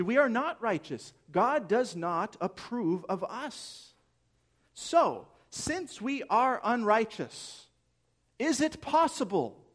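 A man preaching a sermon as pastor, earnest and emphatic, posing rhetorical questions to his listeners. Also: sits high.

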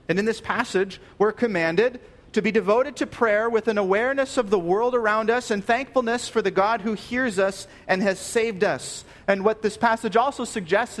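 A man delivering a sermon in a notably high voice. He speaks earnestly and with emphasis, repeating key phrases. His phrase endings drop low and soft. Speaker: pastor.

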